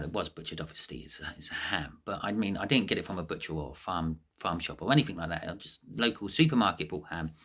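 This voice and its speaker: A man's voice: sits low, sharp tone. A man hosting his home cooking channel, chatting to camera in a nervous, rambling way with lots of false starts, from his living room. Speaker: cooking and prepping channel host. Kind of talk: casual to-camera chat.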